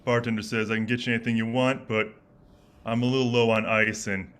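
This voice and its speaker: A man improv player telling a joke in a dry, measured way. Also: medium pitch, fairly even intonation, a bit bright, clear, resonant tone.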